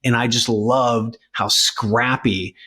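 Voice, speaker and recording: Casting: male podcast co-host, mid pitch, loose rambling chat full of restarts. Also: fairly even intonation, slow, pushed and bright, slightly rough. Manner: rambling, many restarts and fillers. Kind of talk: casual chat.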